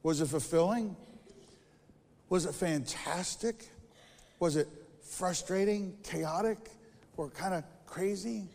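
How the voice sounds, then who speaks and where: High-voiced pastor, animated storytelling. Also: male voice, takes it slowly, gravelly, pauses often. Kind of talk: sermon with personal stories. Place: church. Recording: echoey church hall.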